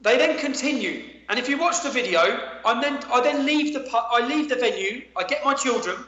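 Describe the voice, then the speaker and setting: High-voiced, agitated Englishman. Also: sharp tone. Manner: agitated, emphatic, repeats words. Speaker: guest. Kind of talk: heated personal account. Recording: echoey, dull-sounding audio.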